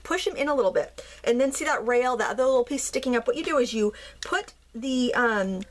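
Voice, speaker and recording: A woman in her thirties unboxing and demonstrating art supplies, gushing and gasping with excitement, full of fillers. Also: a little high, fairly quick. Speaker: craft YouTuber.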